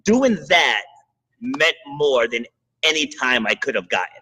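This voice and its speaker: A man hosting a podcast who tells a coaching story in a lively, casual way, chuckling now and then. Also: mid-range voice, measured pace, slight background noise, low-quality recording. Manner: animated anecdote with chuckles.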